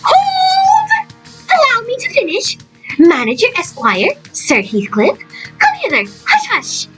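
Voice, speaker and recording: Woman doing a shrill, archaic-speaking would-be knight. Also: wildly swooping pitch, takes it slowly, a bit bright, soft background music, exaggerated voice, poor audio. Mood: earnest. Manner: archaic knightly speech, earnest. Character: zealous young woman would-be knight, earnest.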